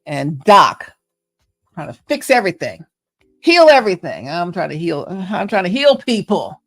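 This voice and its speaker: A woman's voice: on the low side, big pitch swings, moderate pace, dry recording. A middle-aged woman with a Southern US accent, hosting a casual reflective monologue, chatty and playful as she muses aloud. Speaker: host.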